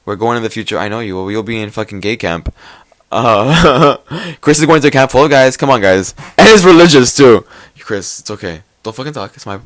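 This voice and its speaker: A young man hosting a casual podcast, loud and joking, swearing often and laughing easily. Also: mid-range voice, normal speed. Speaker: podcast host.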